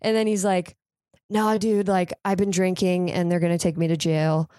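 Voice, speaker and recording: Young woman guest, low-ish voice, rambling comic storyteller, dry close sound. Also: normal speed, no echo. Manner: lively, chatty, swears freely, heavy use of "like". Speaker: podcast guest. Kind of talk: casual comedic storytelling.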